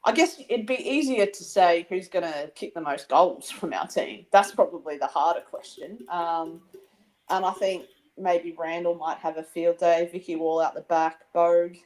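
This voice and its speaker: A woman with an Australian accent co-hosting a casual sports chat, telling quick anecdotes with laughs and little impressions of people. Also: fairly low pitch, darkish tone, low-quality recording. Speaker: podcast co-host.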